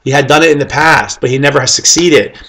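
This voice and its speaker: A man telling his team casual, animated stories about recruiting people, acting out the conversations and speaking to his listeners directly. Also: a little high, quick pace. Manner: animated, acts out quoted conversations; addresses listeners directly with "okay?" and "guys". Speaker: network marketing team leader.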